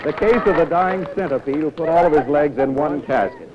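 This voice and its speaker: A man hosting a television game show in a lively, chatty, animated manner, recorded in a studio. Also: on the high side, fairly quick, highs cut off, crowd noise. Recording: old noisy broadcast with studio audience.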